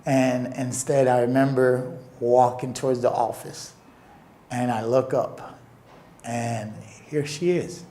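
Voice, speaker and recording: A young man telling a personal story in an interview, earnest and emotional, with halting pauses. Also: mid-range voice, steady tone, dark tone, a little hiss or hum.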